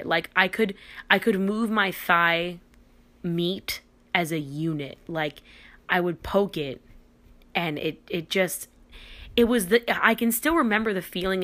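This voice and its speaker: A young adult woman hosting a podcast, telling a personal story in a casual, animated and excitable way, with restarts and dramatic pauses. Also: on the low side. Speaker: podcast host.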